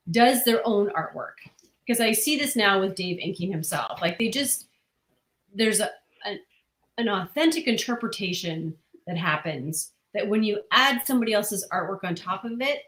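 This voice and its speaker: A woman's voice: mid-range voice, expressive, normal speed, fairly bright tone, reverberant. A woman who writes comics, answering interview questions earnestly and at length, with frequent restarts.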